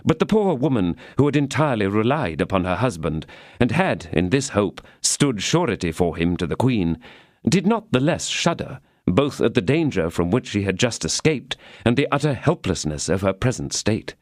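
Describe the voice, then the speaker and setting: A man narrates a classic novel as an audiobook in a measured storytelling style. His pitch moves widely through each sentence. The recording is dry and close. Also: sing-song, no room sound. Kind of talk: scripted narration.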